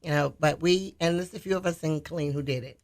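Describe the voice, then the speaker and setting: A man's voice: fairly high pitch, fast. A man from Detroit, co-hosting a radio talk show, telling a story in casual chat and laughing often.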